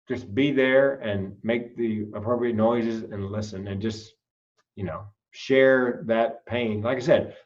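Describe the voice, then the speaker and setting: Comedian guest, storyteller, acts out voices, sounds far from a dull mic. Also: male voice, mid-range voice, slow pace. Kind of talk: casual storytelling interview.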